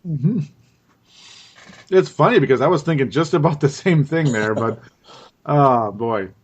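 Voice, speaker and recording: A man's voice: mid-range voice, lively intonation, unhurried, husky, dull audio. A man from Minnesota hosting a casual sports chat, laughing often and stumbling over repeated words. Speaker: podcast host. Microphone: call recording.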